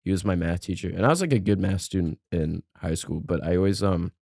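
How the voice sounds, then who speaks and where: A man's voice: low voice, fast, gravelly, darkish tone, dry recording, studio quality. A young man, a comedian guest, telling jokey school anecdotes in laid-back casual chat.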